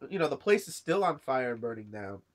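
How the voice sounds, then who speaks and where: This man talks briskly in a sing-song, mid-range voice while casually going over a manga chapter. He's unwell and coughing, and his rambling chat is stuffed with "uh" and "you know."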